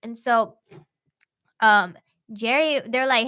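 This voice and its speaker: A young woman hosts a true-crime podcast, retelling the case in a loose, slangy, animated way. Her voice sits fairly high, and she drops into quick impressions of the people she describes. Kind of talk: casual podcast chat.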